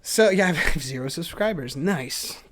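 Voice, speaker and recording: A man's voice: fairly high pitch, animated, moderate pace, fairly bright tone, a little hiss or hum. A young man hosting a solo podcast, talking in a chatty, self-mocking ramble and laughing often, recorded on a camera mic. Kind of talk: rambling casual monologue.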